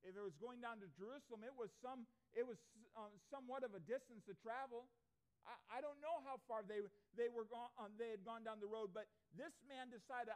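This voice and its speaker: High-voiced man preaching a sermon. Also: a little fast, a little mellow. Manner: earnest preaching with rhetorical questions. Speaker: pastor. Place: church before a congregation.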